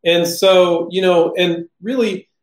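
Animated man in an echoey room. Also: high-pitched. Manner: animated, acts out people in quick voices. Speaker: host answering viewer questions. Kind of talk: casual live Q&A. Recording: roomy echo.

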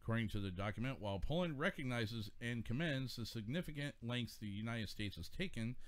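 A man in his forties reads news stories aloud on a casual talk radio show, then riffs on them with his co-hosts. His voice sits at an ordinary middle pitch. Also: animated, a little fast.

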